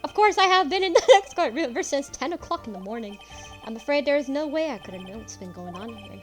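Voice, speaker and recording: A woman's voice: high voice, animated, quick pace, soft background music. A woman voicing a pompous, condescending male detective in a courtroom game who talks in flowery phrases. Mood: smug.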